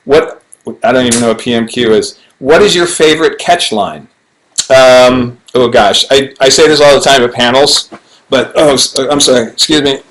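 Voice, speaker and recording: A middle-aged actor chatting alone to a webcam during a fan Q&A, playful and rambling with self-mocking asides, recorded on low-quality livestream audio. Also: male voice, level tone, moderate pace, a bit bright. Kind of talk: casual chat to webcam. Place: home, alone in front of a camera.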